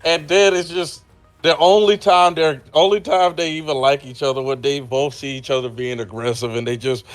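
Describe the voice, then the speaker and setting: A man chatting as co-host of a review show, quick to laugh and to swear. His voice is somewhat high for a man. Faint music sits under the talk. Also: fairly even intonation. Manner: laughing, profane interjections. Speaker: podcast co-host. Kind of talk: casual chat.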